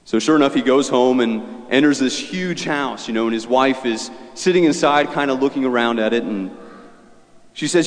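Give me a folksy preacher telling a story. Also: male voice, mid-range voice, normal speed, big-room sound. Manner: conversational, folksy. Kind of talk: homily storytelling.

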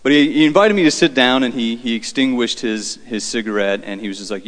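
A man, a Catholic priest, giving a conversational homily with halting fillers and repeats, in a church with long reverb. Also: mid-range voice. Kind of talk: homily storytelling.

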